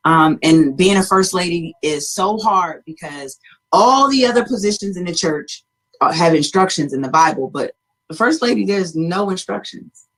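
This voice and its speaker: A woman's voice: fairly low pitch, expressive, moderate pace, a bit bright. A woman, an author and guest, telling stories in a chatty talk-show way and laughing often. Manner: chatty storytelling with frequent laughter. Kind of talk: casual talk-show chat.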